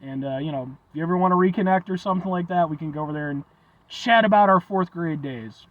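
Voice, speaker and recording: Young male food vlogger, chatty and rambling, high animated voice, dull recording. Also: fast talker, dry recording. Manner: rambling, folksy, swears casually. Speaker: food reviewer. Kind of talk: casual chat.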